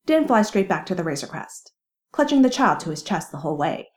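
A woman reading a fan story aloud with lively, wry storytelling. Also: lowish voice, brisk. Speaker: reader. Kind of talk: fan fiction narration.

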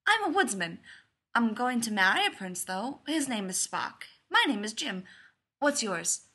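A woman's voice: fairly high pitch, very animated, unhurried, bright, forceful tone, breathy edge, exaggerated voice. A woman voicing a cheerful, earnest young man from a fairy tale who talks in a polite, old-fashioned, chatty way.

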